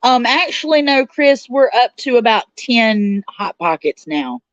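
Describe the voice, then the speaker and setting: A woman's voice: a little high, very animated, a little slow, no room sound. A woman hosting a casual livestream, chatting and answering viewer comments aloud. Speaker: livestream host reading chat. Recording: dull, slightly lo-fi sound.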